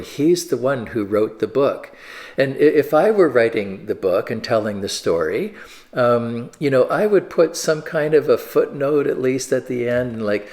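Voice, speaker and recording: A man's voice: mid-range voice, a little mellow. Conversational man giving a sermon. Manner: conversational, with fillers and repeated restarts. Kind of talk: discussion-starter sermon, reading scripture.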